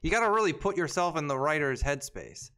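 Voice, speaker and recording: A man's voice: a little high, animated, fairly quick, sharp tone, clean tone. A man co-hosting a casual podcast chat, reading an article aloud and mocking it with sarcastic asides. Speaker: podcast co-host.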